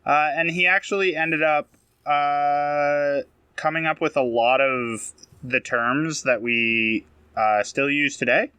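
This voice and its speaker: A man's voice: fairly high pitch, fairly even intonation, slow pace, sharp tone, clear, resonant tone, no room sound. A man co-hosting a comedy podcast, telling a story in a mock-serious way with many hesitations. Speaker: podcast co-host.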